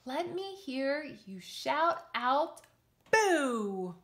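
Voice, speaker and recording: Woman, children's storyteller, sing-song, slow, slightly high voice. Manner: expressive, sing-song, encouraging. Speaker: children's yoga and story teacher. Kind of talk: reading a picture book aloud to children.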